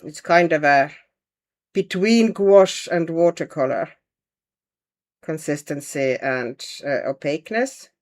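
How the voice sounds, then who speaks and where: A woman hosts a relaxed livestream, painting while she chats, thinks aloud, and answers viewer comments. Her low voice has lively intonation, and she speaks slowly with long pauses.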